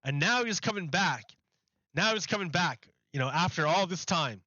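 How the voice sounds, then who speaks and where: A man's voice: on the high side, lively intonation, normal speed, pushed and bright, dry recording, lo-fi sound. A man streaming live, rambling through a mocking rant in casual chat and laughing often.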